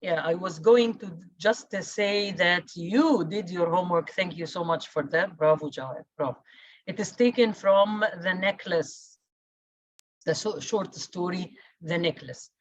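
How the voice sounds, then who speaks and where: A woman's voice: fairly low pitch, a little slow, dry recording, dull audio. A woman teacher giving a class lecture, stressing and repeating key words, with many fillers.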